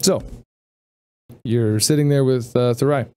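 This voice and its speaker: A man's voice: mid-range voice, unhurried, dark tone, clear, resonant tone. Guy running a tabletop game, rambly and loose, swears a bit, cracks jokes at the players. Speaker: game master.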